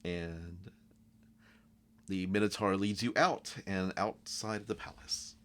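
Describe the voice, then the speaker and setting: A man narrating as game master of a tabletop game, in loose, halting descriptions. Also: low-pitched, fairly even intonation, a bit bright.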